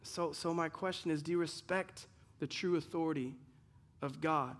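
High-voiced man preaching a sermon. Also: steady tone, moderate pace, fairly bright tone. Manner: earnest, repetitive, with frequent restarts and rhetorical questions. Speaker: pastor.

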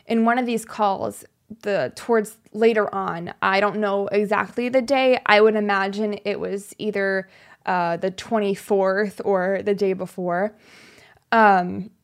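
A young woman co-hosting a podcast, telling a true crime story in a somber, halting way with fillers and sighs. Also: mid-range voice, fairly even intonation. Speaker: podcast co-host.

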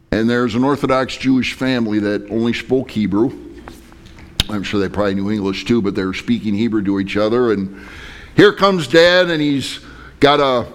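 A male pastor preaching a sermon and telling a personal story in a conversational, dramatic way. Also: mid-range voice.

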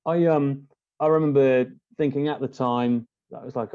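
A man, a podcast guest, talking in a rambling, halting way with many restarts. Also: mid-range voice, fairly even intonation, clean tone, no echo, lo-fi sound. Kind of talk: casual conversation.

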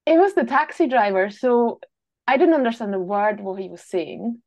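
A woman's voice: a little high, normal speed, darkish tone, dull audio. A woman from Austria whose accent blends a Glasgow Scottish lilt with her own, chatting easily as a guest and laughing now and then. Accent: Austrian with a Glasgow Scottish overlay. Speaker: guest, travel writer. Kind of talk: casual interview chat.

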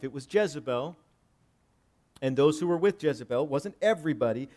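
A male pastor preaching a sermon, swinging between loud emphatic lines and hushed low ones, reading scripture and explaining it conversationally. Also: lively intonation, a little fast, pauses often. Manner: reads scripture aloud and paraphrases it conversationally.

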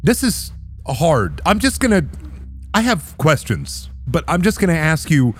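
A man's voice: a little high, sing-song, unhurried, slightly rough, full character voice. A man voicing a weary girl arbiter. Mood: exasperated. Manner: hesitant, stammering, exasperated.

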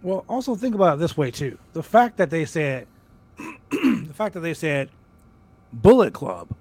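Brief: man, slightly high voice, excitable rambling podcast co-host, swears freely. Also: normal speed, husky, dry recording. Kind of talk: casual wrestling podcast chat.

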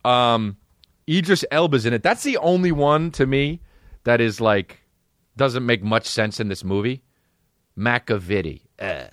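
A man hosting a comedy podcast, ranting excitably and swearing as he jumps between voices. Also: mid-range voice, a little slow, no echo, studio quality. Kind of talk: profane comedic rant.

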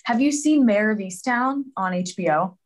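A woman in her thirties from the Philadelphia area, a singer chatting as an interview guest over a video call, animated and quick to laugh. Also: medium pitch. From Philadelphia area, USA. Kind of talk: casual interview chat.

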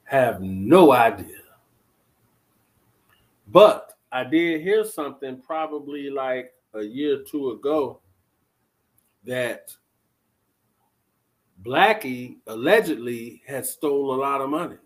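Blunt animated man chatting to viewers. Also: mid-range voice, slow pace, long pauses. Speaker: vlogger reacting to live chat. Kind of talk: casual commentary on a live stream.

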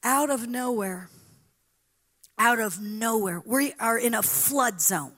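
A middle-aged woman preaching a sermon, telling a story with sudden drops to a whisper and loud cries. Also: on the high side, animated, slow. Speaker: guest preacher.

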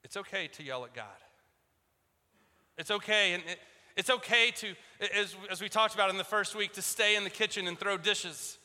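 A man's voice: high-pitched, normal speed, bright, forceful tone, in a large hall. A man preaching a conversational sermon as pastor of his church, often repeating words as he restarts. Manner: conversational, repeats words at restarts, acts out voices of biblical figures. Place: church sanctuary.

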